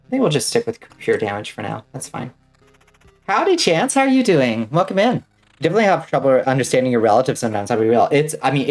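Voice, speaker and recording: A woman streaming a game and chatting casually with viewers, rambling with many fillers and the odd swear word. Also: a bass voice. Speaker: vtuber streamer. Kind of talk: casual gaming stream chat.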